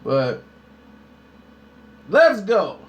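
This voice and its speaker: A man's voice: high voice, huge pitch swings, drawn-out words. A man hosting a casual live stream, talking straight to his viewers in a slangy, hyped way. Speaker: YouTube host.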